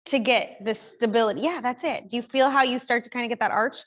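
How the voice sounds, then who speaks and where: Woman physical therapist, high voice, upbeat chatty coaching in a studio class. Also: quick pace, fairly bright tone. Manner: upbeat, chatty coaching cues with frequent "like" and "right?". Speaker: physical therapist leading a workshop. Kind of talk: live exercise coaching. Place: fitness studio group class.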